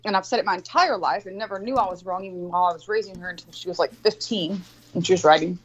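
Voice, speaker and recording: A middle-aged woman telling a story in a casual group chat, animated and insistent. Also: on the low side, quick pace. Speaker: panelist. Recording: dull lo-fi call audio.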